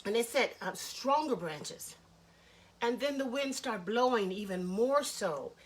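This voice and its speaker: High-voiced woman telling a children's story. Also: unhurried, a little hiss or hum. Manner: lively, chatty asides.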